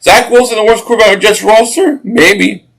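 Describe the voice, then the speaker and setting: A man hosts a casual football watch-party stream. His voice sits high for a man. He rambles through viewer comments and game reactions, often restarting his sentences. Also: fairly even intonation, moderate pace, gravelly, a bit bright, poor audio.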